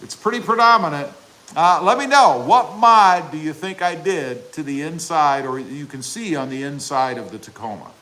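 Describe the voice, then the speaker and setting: A man's voice: fairly high pitch, moderate pace, pushed and bright. A man hosting a casual livestream outdoors, reading chat comments aloud in a rambling, joking way with lots of fillers. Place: outdoors by his truck.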